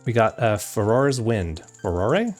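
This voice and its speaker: A man's voice: fairly low pitch, very animated, a little slow, darkish tone, faint music behind. A young man chatting casually and affectionately while streaming a video game, rambling between topics.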